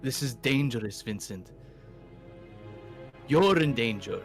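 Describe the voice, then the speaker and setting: A man's voice: medium pitch, expressive, slow pace, faint music behind. A man voicing a father inventor who pleads earnestly with his son. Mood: pleading.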